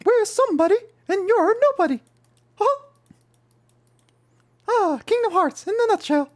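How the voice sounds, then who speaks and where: A man putting on a falsetto impression of a cheerful, excitable cartoon mouse. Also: measured pace. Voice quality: high falsetto.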